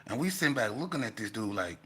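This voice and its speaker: A man telling a casual storytelling monologue, animated and profane, breaking into loud outbursts. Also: on the low side, fast talker, slight background noise. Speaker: vlogger telling stories.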